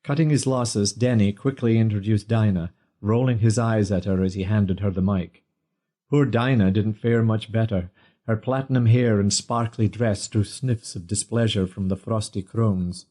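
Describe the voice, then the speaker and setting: A man narrating an audiobook in a measured storytelling manner. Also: lowish voice, fairly even intonation, warm tone.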